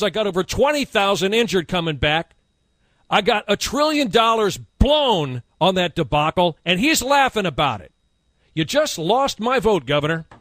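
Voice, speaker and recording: A man's voice: high voice, fairly bright tone, no room sound, studio quality. A male radio talk host delivering a heated, indignant on-air rant, hammering his points with repetition. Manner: indignant, impassioned, emphatic repetition.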